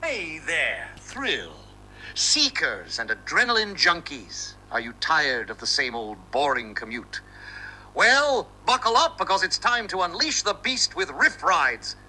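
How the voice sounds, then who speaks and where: A man delivers a hard-sell commercial in a high voice that leaps up and down. The read is punchy and salesy, with loud ambient noise underneath. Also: big pitch swings, a little slow, low-quality recording. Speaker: ad announcer.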